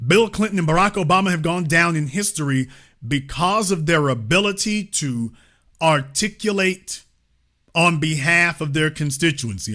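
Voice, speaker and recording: A man's voice: on the high side, pushed and bright. A man hosting a political call-in show, speaking emphatically and pressing his caller with pointed questions. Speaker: host.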